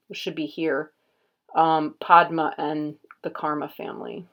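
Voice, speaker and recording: A woman unboxing a card deck, murmuring card names in a soft, unhurried way and admiring the artwork. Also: sits low. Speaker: tarot reader and channel host. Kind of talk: casual unboxing commentary.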